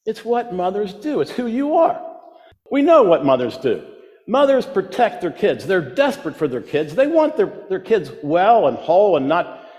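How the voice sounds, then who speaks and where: Guy preaching in a church, high lively voice, big hall reverb, keeps repeating lines. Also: moderate pace. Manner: emphatic, repeating key phrases. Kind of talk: sermon. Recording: long reverb of a large hall.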